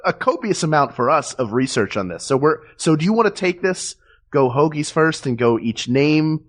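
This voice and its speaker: A man's voice: a little high, big pitch swings, moderate pace. A man co-hosting a casual podcast, playful and rambling, chuckling through his jokes. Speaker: podcast co-host. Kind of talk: casual chat.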